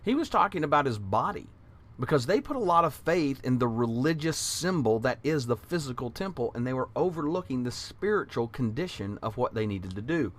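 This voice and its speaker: A man's voice: mid-range voice, very animated, a little fast. A man teaching a Bible class in an earnest, conversational way, retelling scripture passages aloud.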